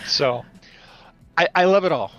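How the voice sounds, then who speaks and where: A man who runs tabletop games, chatting on a podcast as an animated storyteller. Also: fairly high pitch, a little slow. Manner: animated storyteller, playful voice imitations. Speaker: podcast guest, game master. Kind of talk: casual podcast chat. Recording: dull lo-fi audio.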